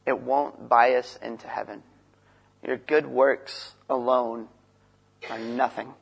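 A man preaching a sermon in an earnest way, shifting from loud emphasis to quiet, low passages and acting out short dialogues. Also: little pitch movement, slow, creaky, breathy edge. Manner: acts out dialogue between Moses and God.

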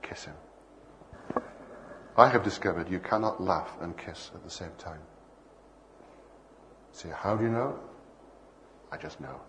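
An older man delivering a sermon in a lowish voice, with a faint hiss of noise under the recording. He moves easily between scripture and playful stories, acting out little exchanges with passersby. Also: a little slow, pauses often, a bit bright. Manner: anecdotal, playful, acts out dialogue. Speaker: preacher.

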